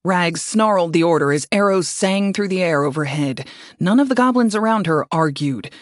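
A man reading fantasy fiction aloud as an audiobook narrator, in a measured, steady way. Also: high voice, no echo, studio quality.

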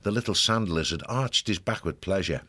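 A man narrates a storybook in a steady, measured way. His voice sits very low. He carries the story calmly from scene to scene. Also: breathy edge.

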